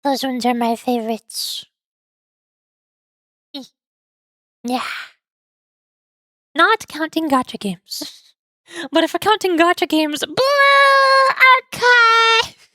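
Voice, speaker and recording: A woman's voice: high-pitched, slow, long pauses, a bit bright, no room sound, studio quality. A young woman streamer chatting casually and rambling, giggling often and stumbling over her words.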